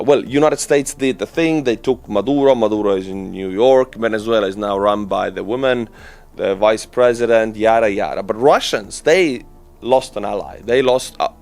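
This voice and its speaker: A man with an Estonian accent talks through current events in a casual commentary style. His delivery is animated and conversational, full of fillers and quick restarts, and his pitch sits in a middle range for a man. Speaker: YouTube news commentator.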